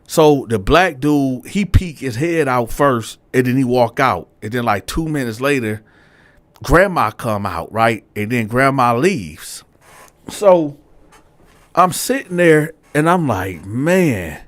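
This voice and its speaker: A man tells a prison storytime in loose, slang-filled talk and turns to his audience often with asides. His pitch sits in an ordinary middle range. The recording is dry and close, with no room sound. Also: takes it slowly, no room sound. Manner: animated, slangy, talks straight to viewers. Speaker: storyteller host.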